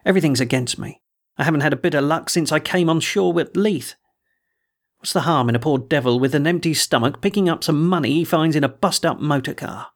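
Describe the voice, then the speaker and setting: A man voicing a rough, down-on-his-luck sailor who talks in a surly, aggrieved whine. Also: fairly high pitch, a little fast. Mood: surly whining.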